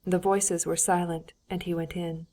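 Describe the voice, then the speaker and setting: A woman reads a classic novel aloud as an audiobook narrator. Her voice is lowish and mellow, and her storytelling stays even and measured. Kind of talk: scripted narration.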